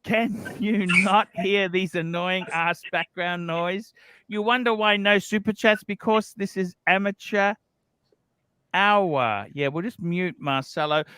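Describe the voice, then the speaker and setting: A man's voice: high-pitched, slow pace, bright, forceful tone, clear, resonant tone, no room sound. Aussie guy hosting a heated live stream, swears a lot, dry close sound. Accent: Australian. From Australia. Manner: blunt, swears freely. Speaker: livestream host. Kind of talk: heated casual debate.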